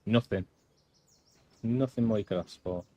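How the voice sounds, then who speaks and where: A man's voice: on the low side, moderate pace, mellow, no echo. A man, not American, chatting casually while playing through a game live. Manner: chatty, offhand, rambling. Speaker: gamer streamer. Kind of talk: casual gameplay commentary.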